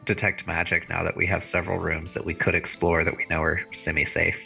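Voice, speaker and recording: A man's voice: low-pitched, flat delivery, fairly quick, gravelly, pushed and bright, soft background music. A man playing a fantasy tabletop game who speaks in a hesitant, apologetic way. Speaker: player.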